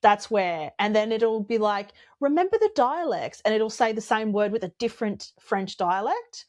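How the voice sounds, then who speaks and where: A woman's voice: medium pitch, fairly even intonation, moderate pace. An Australian woman, an author and podcast co-host, chatting casually, rambling and laughing often. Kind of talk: casual chat.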